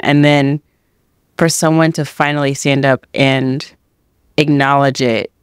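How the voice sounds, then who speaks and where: Smooth, slow-talking woman podcast host. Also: extremely low pitch, level tone, no echo, studio quality. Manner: reflective and encouraging, drawn-out phrasing. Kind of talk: casual interview chat.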